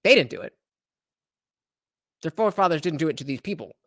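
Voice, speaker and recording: A man's voice: on the high side, expressive, brisk, a bit bright, no room sound, clean studio sound. Hesitant male livestream host. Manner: confused, hesitant, many fillers. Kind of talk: reaction livestream commentary.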